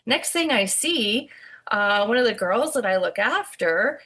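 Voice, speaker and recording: Woman co-host, bright sound, animated storyteller who laughs and swears often. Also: fairly high pitch, a little slow, breathy edge. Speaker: podcast co-host, daycare provider. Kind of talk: casual chat.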